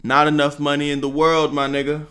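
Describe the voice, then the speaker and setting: A man hosting a reaction channel, giving casual slangy commentary with loud outbursts. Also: a little high, completely flat delivery, brisk.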